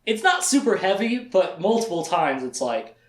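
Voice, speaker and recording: A man's voice: high-pitched, big pitch swings, normal speed. A man giving a casual lecture that recaps a book series, chatty and joking, laughing often and leaning on "like.". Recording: echoey room.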